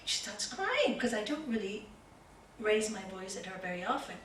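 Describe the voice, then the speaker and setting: Older woman, yoga teacher, spiritual talk, high voice, distant mic, faint room hum. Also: animated, a little fast. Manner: warm storytelling, rhetorical questions, repeats words for emphasis. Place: hall with a group. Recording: roomy echo, from a distance, faint ambience.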